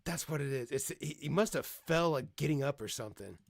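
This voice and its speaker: A man's voice: a little high, lively intonation, brisk, creaky, no echo, studio quality. A man hosting a reaction video, giving laid-back commentary and swearing freely.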